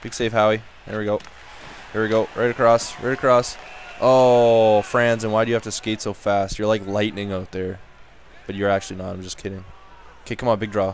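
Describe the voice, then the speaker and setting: A young man giving casual, excitable commentary while playing a hockey video game, switching between low muttering and loud yelling. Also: slight background noise. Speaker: gaming commentator.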